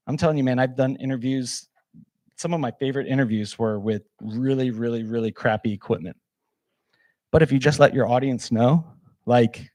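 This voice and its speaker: A man leads a workshop in a loose, energetic way, holding up gear as he talks and leaning on fillers. His voice is warm and mellow and sounds close and dry. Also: medium pitch, normal speed, dry recording. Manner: casual, energetic, demonstrates gear, many fillers. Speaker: workshop presenter. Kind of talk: live workshop talk.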